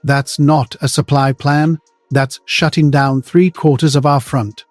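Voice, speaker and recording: A man voicing a calm, steely middle-aged American general who speaks quietly and firmly. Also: on the high side, no room sound, soft background music, lightly acted. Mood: tense. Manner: quiet, measured, firm.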